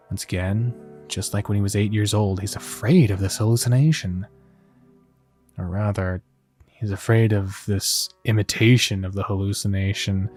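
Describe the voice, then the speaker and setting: A man narrating a story game and reacting with excited, sweary asides. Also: on the low side, no echo.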